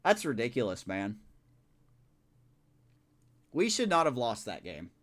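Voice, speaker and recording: Here a man with a mid-range voice and measured pace offers casual live commentary on a baseball video game he is streaming. He talks to himself animatedly and grows exasperated as he plays.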